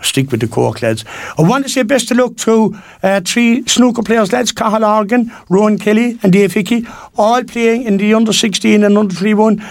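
A man's voice: high-pitched, normal speed, dry recording, studio quality. Chatty Irish local radio presenter, man. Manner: chatty, rambling, homely. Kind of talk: local radio shout-outs.

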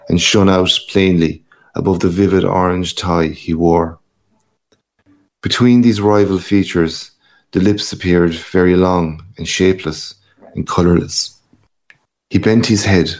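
A male narrator reads a story aloud at a measured, steady pace. His voice is very low and carries a gravelly fry. He keeps his delivery even and calm. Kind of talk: audiobook reading of a story.

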